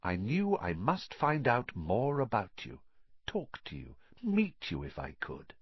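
A man's voice: on the low side, huge pitch swings, a little slow, breathy edge, no room sound, highs cut off, exaggerated voice. A man voicing a gloating, silky teenage wizard. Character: sneering scheming sixteen-year-old male wizard. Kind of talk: audiobook character voice.

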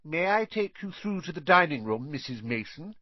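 A man reading a story aloud, voicing a spoiled, overfed boy who talks in a high, drawn-out, sucking-up way. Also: big pitch swings, dry recording, muffled recording. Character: spoiled fat boy, showing off.

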